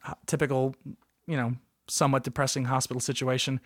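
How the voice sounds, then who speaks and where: A man hosting a comedic solo podcast, rambling through stories with jokey asides and lively outbursts. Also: medium pitch, fast, no echo, studio quality. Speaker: podcast host.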